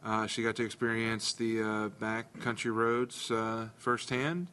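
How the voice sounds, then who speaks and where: A man co-hosting a casual podcast chat, dry and hesitant, pausing with many fillers. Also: lowish voice, fairly even intonation, pushed and bright, clean tone. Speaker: podcast co-host.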